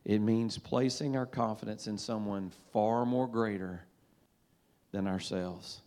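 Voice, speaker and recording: A man's voice: fairly low pitch, steady tone, measured pace, darkish tone. A man in the role of pastor, preaching a sermon in a folksy, conversational way and leading the congregation in call-and-response. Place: church sanctuary.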